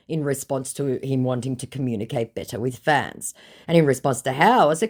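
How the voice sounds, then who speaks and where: A woman's voice: very deep voice, very animated, fairly quick, darkish tone. A woman reading out her chat messages with a scammer, in a sarcastic, exasperated manner. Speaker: scambaiter narrating chats.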